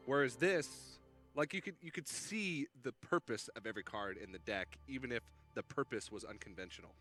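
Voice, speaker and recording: A man's voice: mid-range voice, fairly quick, fairly bright tone, soft background music. A man co-casting a card game tournament, analytical with dry jokes. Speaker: esports caster. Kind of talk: live esports commentary.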